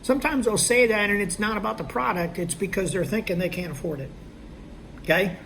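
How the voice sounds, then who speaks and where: Guy with a gravelly voice coaching sales, keeps asking "okay?". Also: high-pitched, a little fast, fairly bright tone, slight background noise. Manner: conversational, checks in with "okay?" and "all right?"; acts out both sides of sales dialogue. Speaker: sales trainer. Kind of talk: instructional talk.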